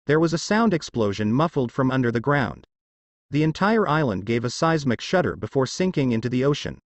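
A man's voice: mid-range voice, sing-song, fairly quick, dry recording. A man reading fanfiction aloud as a storybook narrator, voicing every character.

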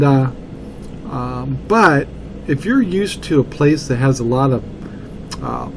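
Middle-aged man rambling on a podcast. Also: mid-range voice. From Washington State, USA. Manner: rambling, conversational, repeats words for emphasis. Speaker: podcast host. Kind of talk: casual solo podcast talk. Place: motel room. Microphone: cheap mic that picks up room noise. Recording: faint room noise on a cheap mic.

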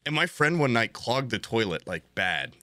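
A young man hosting a podcast in casual chat, telling an animated story while laughing often and swearing freely. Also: mid-range voice, normal speed, dry recording, clean studio sound. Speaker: podcast host.

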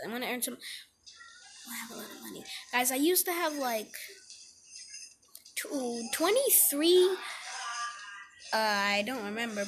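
A girl giving casual, excitable commentary while playing a video game, chatting to her viewers. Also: high-pitched. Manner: excitable, chatty, slips into put-on voices. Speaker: gaming video creator. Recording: game music underneath.

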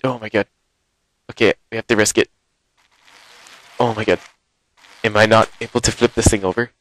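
A man giving live, excitable commentary while playing a game, exclaiming and gasping often, recorded on a headset. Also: lowish voice, normal speed, no echo. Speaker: gaming video host.

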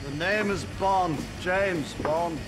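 A man's voice: sits high, a little slow, over loud music. An actor playing a man who puts on a smug, posh British accent while dressed as a suave spy. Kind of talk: sitcom acting.

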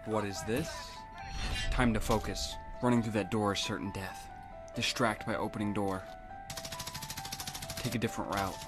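An actor playing a game hero, speaking a low, clipped inner monologue. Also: male voice, steady tone, normal speed, pauses often, music in the background, lightly acted. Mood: focused.

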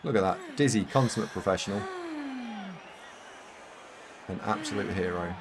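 A game streamer with a Yorkshire accent commentates his own play live, thinking aloud and chatting casually with viewers. His voice sits lowish with some vocal fry, at a normal speed, over a noisy background.

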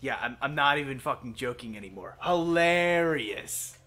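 A man's voice: medium pitch, fast. Co-host type: a foul-mouthed young guy, ranting and teasing his friend. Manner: loud, profane ranting and mock outrage. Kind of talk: casual gaming banter.

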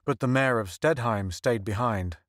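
A man reading a science fiction story aloud as an audiobook narrator, in steady, measured storytelling. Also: medium pitch, no echo, clean studio sound. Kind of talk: scripted narration.

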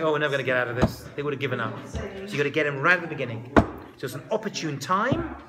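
A man giving a lively lecture that retells a biblical story, talking conversationally and dropping joking asides. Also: on the high side. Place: live talk before an audience. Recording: live talk with audible audience.

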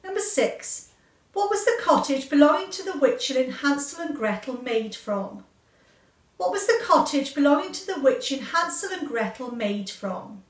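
A woman teacher reading out a children's quiz, slow and clear, repeating each question. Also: high voice, sing-song. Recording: echoey room, far from mic.

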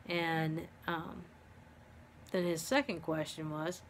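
Middle-aged woman, halting storyteller, lowish voice. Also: steady tone, a little hiss or hum. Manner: halting, many ums and restarts. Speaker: vlogger living with dementia. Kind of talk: personal storytelling.

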